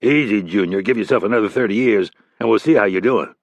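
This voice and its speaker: Blunt profane veteran spy, man narrating, gruff, sarcastic, audiobook, dull sound. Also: lowish voice, quick pace, no room sound. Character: older male CIA veteran, gruff and sarcastic.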